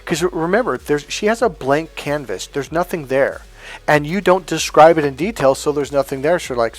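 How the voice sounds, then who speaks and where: A man's voice: on the high side, normal speed. Blunt, swearing man coaching on dating. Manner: blunt, heavy swearing, animated storytelling. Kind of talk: casual spoken lesson.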